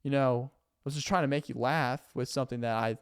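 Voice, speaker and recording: A man's voice: mid-range voice, steady tone, fairly quick, clear, resonant tone, close to an everyday voice. A man voicing a passive-aggressive roommate who talks in an overly sweet, fake-casual way and hints at chores. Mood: placating.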